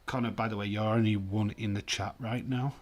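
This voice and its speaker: A man hosting a livestream, giving relaxed, chatty commentary and reactions while watching a match. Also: fairly low pitch, fairly quick. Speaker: livestream host. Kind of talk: casual live match commentary.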